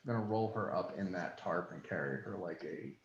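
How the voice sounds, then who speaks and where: A man's voice: low voice, a little fast. A man playing a tabletop game who talks hesitantly, with many fillers, recorded in an echoey room with dull, lo-fi sound. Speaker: player.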